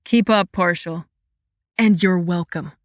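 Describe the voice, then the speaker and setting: A woman reading an audiobook voices a wry, sharp-tongued young male guardian who talks in a low, dry, mocking way. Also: slow pace, no echo.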